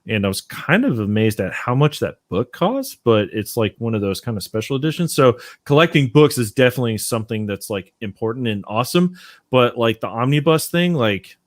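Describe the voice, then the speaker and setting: A man's voice: medium pitch, very animated, brisk, no room sound. A young adult man from Texas, hosting a casual chat and rambling loosely with lots of fillers. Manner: laid-back, rambling, many fillers. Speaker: host.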